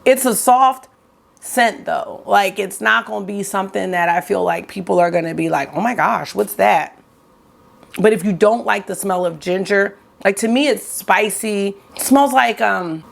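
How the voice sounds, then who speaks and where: A chatty woman talks straight to her viewers in a relaxed, gushing way. Her voice sits at a middle pitch with a gravelly, fry-edged texture. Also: moderate pace. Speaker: beauty vlogger. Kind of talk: casual haul chat to camera.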